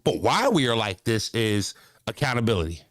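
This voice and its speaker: A man with a Philadelphia accent streaming live, ranting to his viewers in a profane, emphatic and animated way. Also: lowish voice, normal speed, no echo, clean studio sound. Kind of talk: casual livestream rant.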